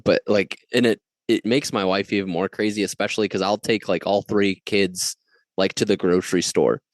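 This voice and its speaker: A man chatting on a podcast as the guest, animated and joking, throwing on mock-outraged voices. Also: fairly low pitch, moderate pace, no echo. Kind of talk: casual chat.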